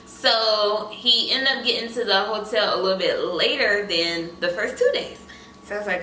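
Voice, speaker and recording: A young woman vlogging, telling a casual storytime in an animated way with asides straight to her viewers, in an echoey room away from the mic. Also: medium pitch, measured pace. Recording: echoey room, mic at a distance, faint room noise.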